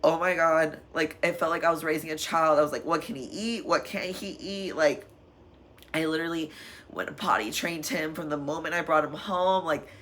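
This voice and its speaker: A woman's voice: deep voice, steady tone, normal speed, a bit bright, a little hiss or hum. A young adult woman talking candidly in a personal vlog, rambling with fillers, emotional and sometimes laughing through tears. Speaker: vlogger.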